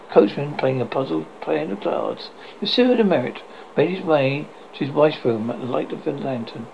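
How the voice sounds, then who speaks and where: A man narrating a classic story aloud in a steady reading voice, with occasional small slips. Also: on the high side, creaky. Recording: slightly dull, faint hiss.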